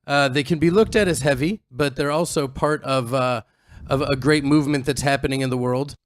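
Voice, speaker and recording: A man's voice: medium pitch, brisk, a little hiss or hum. A man co-hosting a casual chat, teasing and joking with his friend. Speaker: co-host. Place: outdoors on a farm in the mountains.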